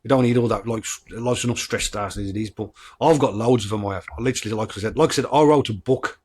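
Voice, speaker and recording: A man's voice: on the low side, fast talker, slightly rough. A man with a Black Country accent, chatting casually as a podcast host, rambling and swearing freely. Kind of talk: casual chat.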